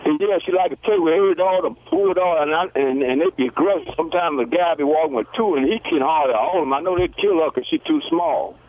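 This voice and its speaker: Male caller on phone line, fast and halting, slightly high voice, lo-fi with faint hiss. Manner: halting, restarts, rambling. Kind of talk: phone call to radio show.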